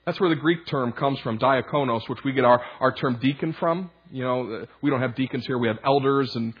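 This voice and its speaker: A man's voice: mid-range voice, a little fast, breathy edge, dull audio. A man pastor preaching a conversational sermon and acting out the voices of the people in the story. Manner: conversational preaching, acts out voices of disciples and Jesus.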